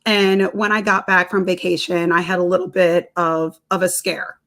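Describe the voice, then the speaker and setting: A woman's voice: on the low side, little pitch movement, moderate pace, fairly bright tone. A woman, a nutrition counselor and personal trainer, telling a personal story in a casual interview, laughing often and repeating words as she goes.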